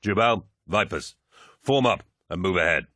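A stern, commanding warrior captain voiced by an audiobook narrator, curt and cold in every order. The voice sits very deep, and the recording is dry and close. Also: male voice, expressive, moderate pace, sharp tone, no echo. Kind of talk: audiobook character voice.

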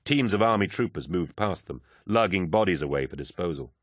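A man narrating an audiobook in a measured, low-key storytelling manner. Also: lively intonation, dry recording, clean studio sound. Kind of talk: scripted narration.

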